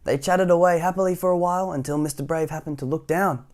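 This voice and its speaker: A man's voice: a little high, little pitch movement, fast, darkish tone. A man hosting storytime, reading a children's picture book aloud with casual asides to young listeners. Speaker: storytime host.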